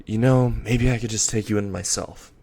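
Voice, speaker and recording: A man's voice: fairly low pitch, fairly even intonation, moderate pace, gravelly, mellow. A man voicing a male doctor in a storybook reading, talking in a musing, hesitant way. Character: sly male doctor, soft-spoken. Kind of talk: storybook character voice.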